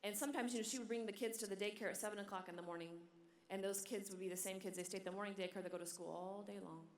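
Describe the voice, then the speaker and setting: Animated woman preaching in an echoey hall. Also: mid-range voice, very fast. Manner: animated storytelling, drops to a near whisper in tender moments. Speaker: religious sister and conference speaker. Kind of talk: sermon. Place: large hall.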